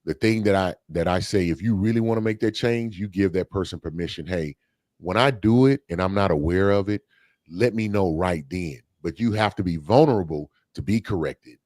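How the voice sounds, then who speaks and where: Low-voiced man talking things through. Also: normal speed, darkish tone, no echo, clean studio sound. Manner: thoughtful, conversational, with many fillers and restarts. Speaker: podcast co-host. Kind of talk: casual discussion.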